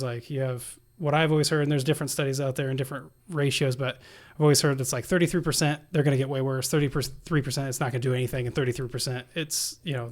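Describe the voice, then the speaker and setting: A man, a nurse, telling a story as a guest in a podcast interview, acting out the dialogue as he goes. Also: mid-range voice.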